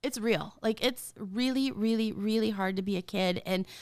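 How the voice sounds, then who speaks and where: A woman in her forties hosting a casual podcast, talking straight to parents in an animated, emphatic way and often laughing. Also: medium pitch, normal speed. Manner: talks straight to listeners as a parent. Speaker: podcast host.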